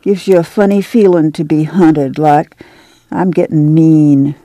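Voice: medium pitch, steady tone, a little slow, warm tone, no room sound, natural voice. A reader voicing a firm, decisive mother of a fleeing farm family, in rural dialect.

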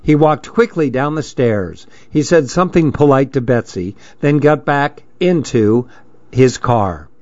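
Male audiobook narrator, mid pitch, dull lo-fi sound. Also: expressive, unhurried, a little mellow, no echo. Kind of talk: scripted story narration. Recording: dry, dull lo-fi recording.

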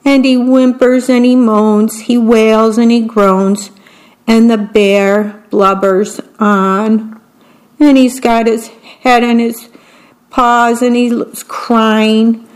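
A woman reading picture books aloud, gently describing the pictures between the verses. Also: fairly high pitch, steady tone, slow, poor audio. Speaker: storybook reader.

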